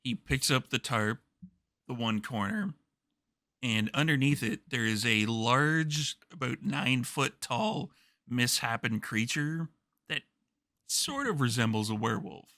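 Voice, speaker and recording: Gravelly guy running a tabletop game, mid pitch, dry sound. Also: lively intonation, a little slow, pushed and bright, dry recording. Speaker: game master.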